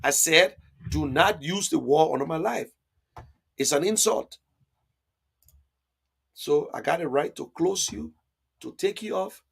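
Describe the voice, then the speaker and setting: A man hosts a political live stream and talks back to viewer comments. He argues hard and repeats himself for emphasis, and his voice sits fairly high for a man. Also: lively intonation, a little slow, vocal fry, pauses often, fairly bright tone, slightly rough. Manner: emphatic, repetitive, argumentative.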